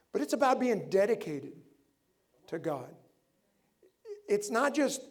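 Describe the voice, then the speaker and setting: A middle-aged pastor delivers an animated sermon in a fairly high voice. He keeps firing rhetorical questions at his listeners as he preaches.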